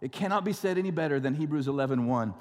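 A male pastor preaching a sermon, stretching out scripture slowly and telling stories with wry asides. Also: fairly high pitch, animated, darkish tone. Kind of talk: sermon with storytelling. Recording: long reverb of a large hall.

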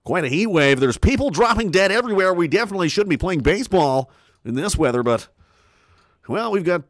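Man imitating a baseball announcer, deadpan, lively lilt, slightly high, dry sound. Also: brisk, no echo. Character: male baseball play-by-play announcer, wry.

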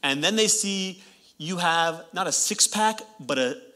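Bright-voiced pastor man preaching. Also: high voice, a little slow. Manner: animated, joking asides to the congregation. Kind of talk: sermon.

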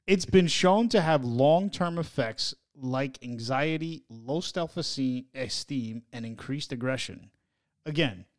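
A man co-hosting a parenting podcast in casual chat, animated and quick to swear, often stammering through restarts. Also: mid-range voice. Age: adult parent. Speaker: podcast co-host.

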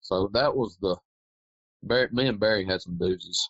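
A man's voice: low-pitched, normal speed, slightly rough, no echo. Folksy man spinning a yarn. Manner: rambling, folksy, animated retelling. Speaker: interview guest. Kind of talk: casual anecdotal storytelling. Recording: dry, dull lo-fi recording.

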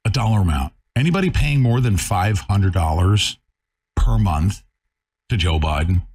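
A man hosting a talk show, ranting in a fiery, combative way, swinging between loud outbursts and muttering. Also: lowish voice, lively intonation, normal speed, breathy edge. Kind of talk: bombastic talk radio rant.

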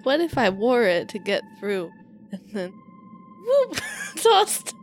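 Woman, game player, giggly, animated, high voice. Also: takes it slowly, slight background noise. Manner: giggly, apologetic. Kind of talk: casual chat at a tabletop game.

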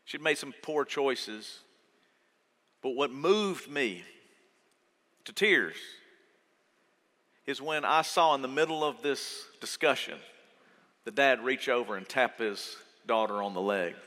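A man preaching a sermon as pastor, earnest and conversational, going from soft to loud. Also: mid-range voice, slow pace, long pauses. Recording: long reverb of a church hall.

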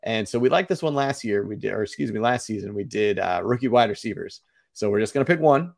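A man's voice: lowish voice, lively intonation, fast talker, creaky, darkish tone. A man co-hosting a casual sports podcast, talking in an upbeat, chatty way and laughing often. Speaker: podcast co-host.

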